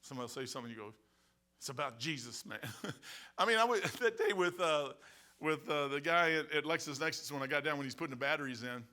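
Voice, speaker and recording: A male pastor preaching a sermon in church, telling stories in an animated, colloquial way. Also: a little high, fast talker. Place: church, behind the pulpit.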